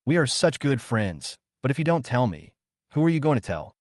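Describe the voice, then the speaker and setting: A man's voice: medium pitch, sing-song, moderate pace, a little mellow, dry recording, studio quality, voice pushed up, lightly acted. A man voicing an indignant young male student who is easily riled and complains in a huffy way.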